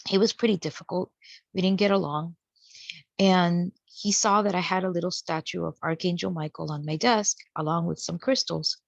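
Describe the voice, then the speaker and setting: A woman's voice: fairly low pitch, steady tone, moderate pace, gravelly, no room sound. A woman casually telling a personal story in a chatty way, acting out the people she quotes. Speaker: guest sharing a spiritual experience. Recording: dull, dry lo-fi sound.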